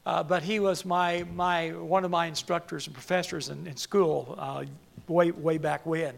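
An older man preaching a sermon, halting and repeating words, then building to emphatic peaks. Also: on the high side, steady tone, gravelly.

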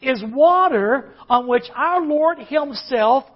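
Preacher doing a calm boatman, unhurried, muffled recording. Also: sits high, full character voice. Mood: patient. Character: patient boatman at the lakeside.

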